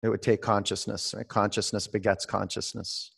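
Gravelly-voiced male yoga teacher. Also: fairly low pitch, moderate pace. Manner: calm, meditative coaching with direct instructions; calls out students by name. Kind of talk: guided online yoga class.

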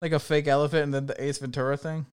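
A man's voice: on the high side, level tone, very fast, smooth. A man co-hosting a podcast, riffing jokes in casual comedic chat and laughing often. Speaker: podcast co-host.

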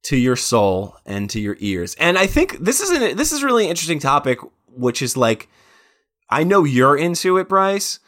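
A man's voice: on the high side, big pitch swings, moderate pace, a bit bright. A man in his thirties co-hosting a podcast, telling stories in a rambling way with quoted asides. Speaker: podcast co-host. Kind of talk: casual chat.

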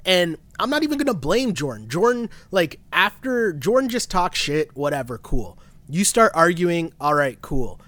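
A man co-hosting a podcast in casual chat, animated and exasperated, laughing often. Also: a little high, moderate pace, dry recording. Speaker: podcast co-host. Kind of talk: casual chat recapping a reality show.

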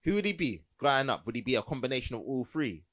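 A man's voice: medium pitch, sing-song, fast, fairly bright tone. A young man, co-hosting a casual podcast chat, enthusiastic and full of slang. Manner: enthusiastic, slangy, builds up scenes. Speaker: podcast co-host.

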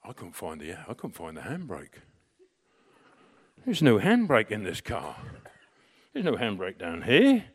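A middle-aged man telling a personal story in a casual, anecdotal way, animated and full of restarts. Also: on the low side, a little slow, long pauses, slightly rough. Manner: animated, with restarts and bursts of excitement. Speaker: storyteller recounting personal experience.

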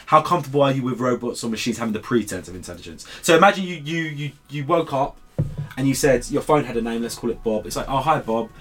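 A man's voice: mid-range voice, animated, quick pace, a bit bright. A man hosting a casual podcast chat, laughing often and repeating words as he leads questions. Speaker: podcast host.

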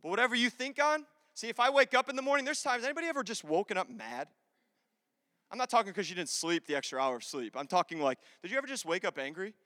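A man preaching a sermon as a pastor, animated and confessional, swinging between loud urging and hushed asides. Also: sits high, fast, no echo, studio quality, in a large hall.

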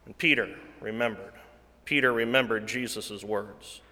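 A man preaching a sermon, slow and deliberate, rising loud and falling to a hush. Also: on the low side, steady tone, long reverb tail. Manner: slow, deliberate preaching that swells louder then drops to a hush.

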